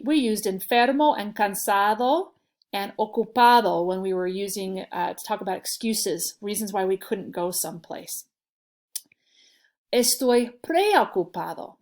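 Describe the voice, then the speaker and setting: A woman explaining a lesson as a teacher, in patient, clear classroom talk that stresses key sounds. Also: mid-range voice, darkish tone. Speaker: Spanish teacher.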